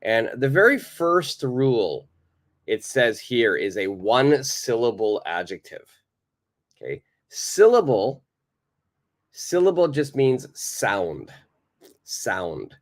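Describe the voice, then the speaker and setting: A man's voice: medium pitch, sing-song, slow. A man teaching a live online English lesson, patiently repeating his questions to the viewers.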